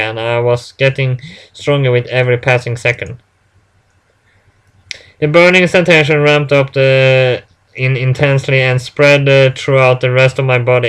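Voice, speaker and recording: A man reading a first-person story aloud in a halting way, stumbling and restarting words often. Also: mid-range voice, fairly bright tone, clean tone. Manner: halting, with frequent restarts and fillers.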